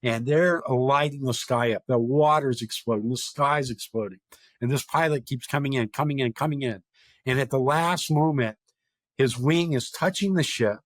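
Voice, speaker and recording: A man's voice: medium pitch, moderate pace, no room sound. A man speaking as a guest and telling a vivid, dramatic story, quoting people directly as he goes. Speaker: guest, historic park chief of staff.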